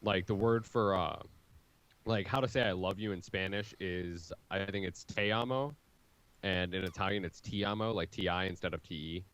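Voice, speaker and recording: Deep american dude chatting on a podcast, goes on and on explaining stuff. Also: male voice, level tone, moderate pace, fairly bright tone, poor audio. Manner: rambling, explains at length. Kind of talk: casual chat.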